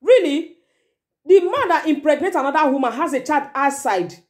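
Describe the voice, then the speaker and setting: Nigerian woman vlogger, lecturing advice talk, forceful delivery, voice a touch high. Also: lively intonation, normal speed. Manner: forceful, lecturing, slips into Pidgin. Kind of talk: advice monologue.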